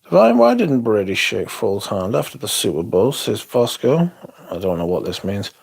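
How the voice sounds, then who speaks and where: A man's voice: lowish voice, big pitch swings, moderate pace, vocal fry, a little mellow, breathy edge. A young man hosting a livestream, chatting casually, rambling and swearing as he reads comments aloud. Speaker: livestream host.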